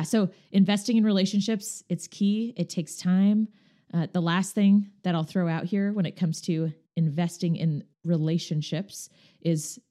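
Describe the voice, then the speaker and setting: Lively storytelling woman with mellow tone. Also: lowish voice. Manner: animated, acts out quoted dialogue. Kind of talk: casual conversational storytelling.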